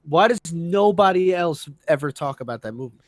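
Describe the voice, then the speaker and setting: A man's voice: fairly high pitch, lively intonation, moderate pace, a little hiss or hum. A man co-hosting a comics podcast, eagerly cutting in with a question about a movie. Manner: eager, interrupting with a sudden question. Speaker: podcast co-host. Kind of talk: casual comic book chat.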